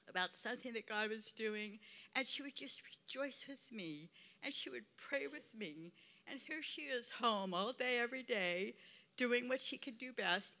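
Woman friend delivering a eulogy; earnest, heartfelt, a touch of vocal fry. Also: medium pitch, pushed and bright. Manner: heartfelt, earnest storytelling with repetition. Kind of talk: memorial tribute.

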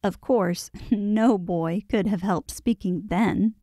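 Mellow woman narrating an audiobook. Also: medium pitch, slow pace, no echo, clean studio sound.

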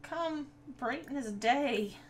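A woman's voice: high voice, slow pace, a little hiss or hum. A woman giving casual gameplay commentary, chatting to her viewers and scolding the game characters. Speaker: gaming video creator.

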